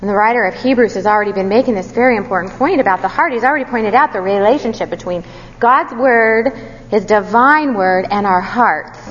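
A woman's voice: mid-range voice, brisk. A woman giving an earnest Bible teaching talk, asking her listeners questions and adding self-deprecating asides. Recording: dull, roomy recording with long reverb and faint background hum.

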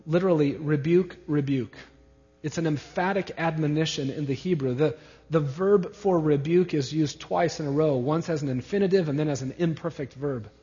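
A man's voice: a little high, a little fast, hardly any pauses, warm tone. A male preacher works through scripture in a slightly raised voice and drives his points home by repeating single words. His voice rings out with a long hall echo. The recording has a dull, lo-fi quality. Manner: emphatic, repeats key words. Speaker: pastor. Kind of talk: expository sermon. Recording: reverberant hall, dull lo-fi sound.

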